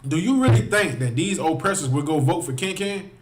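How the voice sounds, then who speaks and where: A man's voice: on the high side, animated, a little fast, echoey room, soft background music. A man preaching with heated passion, repeating his phrases and speaking straight to his listeners. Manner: impassioned, repeats phrases, addresses listeners directly. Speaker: street preacher.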